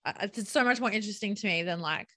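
A woman's voice: medium pitch, fast talker, bright, forceful tone, no room sound, studio quality. A young adult woman with an Australian accent, co-hosting a podcast in casual chat, full of "like" and "um". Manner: chatty, lots of "like" and "um". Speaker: podcast co-host.

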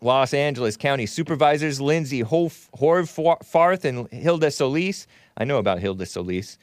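A man's voice: medium pitch, animated, normal speed, no room sound. Man, talk show host, sardonic, reading viewer messages, resonant voice, dry close sound. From Southern California. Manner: sardonic, wry asides with chuckles.

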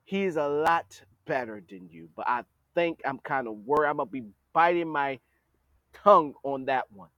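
A man with a high, very animated voice delivers a blunt political commentary monologue. He talks straight at the leaders he criticizes, in a scolding tone. The sound is dry and close. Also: no room sound. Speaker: podcast host.

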